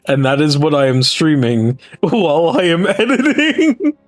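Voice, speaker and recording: A man with a fairly high voice hosts a gaming stream, talking slowly and laughing often. His voice is dry and close to the mic. Faint music plays behind him. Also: expressive, no room sound. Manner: slow, laughing, swears casually. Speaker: livestream host. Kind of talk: casual gaming chat.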